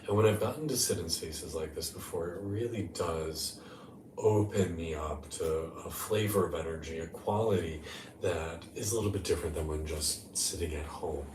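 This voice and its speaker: A man hosting a live-streamed guided meditation talk, speaking in a gentle, unhurried way from a hotel room. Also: sits low, roomy sound, far from the mic, noisy background. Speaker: life coach and meditation host.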